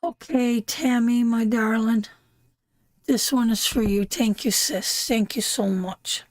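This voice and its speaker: A woman's voice: on the high side, steady tone, slow pace, no room sound. A middle-aged woman from Canada giving a live tarot reading, emotional and heartfelt, repeating phrases for emphasis. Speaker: tarot reader hosting a live stream.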